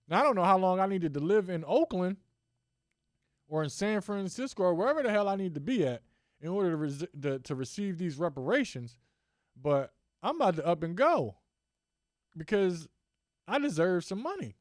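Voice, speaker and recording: A man hosts a casual solo show, rambling from story to story with jokes and restarts. His talking voice sits fairly high. The recording is close and dry. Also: very animated, brisk, darkish tone, dry recording. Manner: rambling and joking, with restarts and bits of mimicry. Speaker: podcast host.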